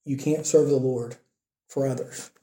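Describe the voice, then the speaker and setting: Man, sermon, earnest conversational preaching, very dark mellow tone, echoey church. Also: medium pitch, steady tone, a little slow.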